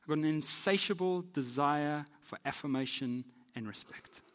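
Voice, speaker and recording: A man, a pastor telling a story in a sermon in an animated, self-deprecating way. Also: a little high, moderate pace, long reverb tail.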